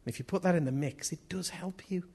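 A man's voice: high-pitched, fast, vocal fry, a little mellow, slightly rough. A man preaching a sermon in an earnest manner, often repeating key phrases.

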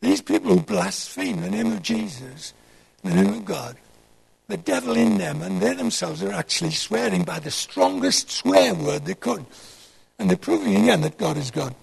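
A man's voice: high-pitched, big pitch swings, normal speed, vocal fry, a little mellow, husky, rough recording. A man, giving a rambling sermon talk and asking the audience questions as he digresses. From North East England. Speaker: Christian speaker.

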